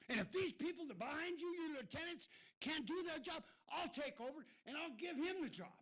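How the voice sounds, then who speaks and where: A man's voice: very high-pitched, animated, brisk, a bit bright, low-quality recording. An irate man giving a blunt, swearing public comment at a city council meeting.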